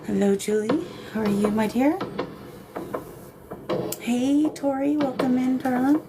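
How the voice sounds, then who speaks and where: A woman's voice: sits high, fairly even intonation, a little slow, noisy background. A woman hosting a paranormal livestream in casual chat, greeting viewers with affectionate pet names over a phone camera. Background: shamanic drumming.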